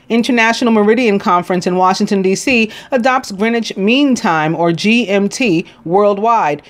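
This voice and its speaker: Woman, New York accent, tarot-channel host reading almanac items aloud; casual, trips on hard names. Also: mid-range voice. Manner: reads list aloud, stumbles on names, asides with a laugh. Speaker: tarot reader. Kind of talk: reading daily almanac notes.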